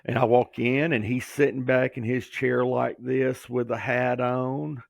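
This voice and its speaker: A man's voice: medium pitch, unhurried, creaky, dry recording, clean studio sound. A middle-aged man from Georgia, telling his life story as a guest and acting out the voices of people in it. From Georgia, USA. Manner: animated storyteller who acts out quoted voices. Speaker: guest, former pro wrestler. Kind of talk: storytelling interview.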